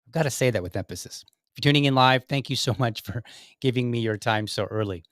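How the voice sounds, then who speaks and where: A man's voice: medium pitch, quick pace, a bit bright, no room sound, studio quality. A middle-aged man hosting a political podcast in a casual, joking, rambling way, with self-mocking asides. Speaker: podcast host.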